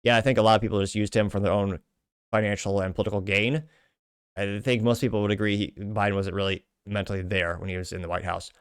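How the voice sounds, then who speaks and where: A man's voice: fairly low pitch, flat delivery, fast talker, clean tone, no room sound, studio quality. A man hosting a commentary podcast, reading social media replies aloud with sardonic asides and frequent self-corrections. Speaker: show host.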